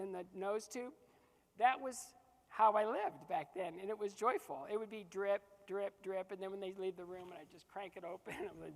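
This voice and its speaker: A man's voice: high voice, in a large hall. A man giving a motivational keynote to a live audience. He tells stories, acts out the dialogue and laughs often. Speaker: motivational speaker.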